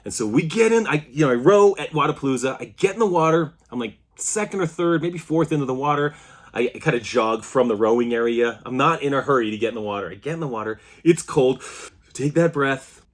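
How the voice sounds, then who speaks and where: Husky-voiced man telling a story. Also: mid-range voice, a little fast. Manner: animated, restarts often, acts out his thoughts. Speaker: CrossFit athlete vlogger. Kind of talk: casual storytelling to camera.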